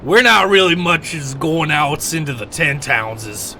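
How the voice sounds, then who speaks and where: Man doing a chummy streetwise griffin, bright gravelly voice, calls everyone boss. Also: on the high side, animated, unhurried, slight background noise, pitched above the performer's own voice, heavily acted. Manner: slangy, calls people boss.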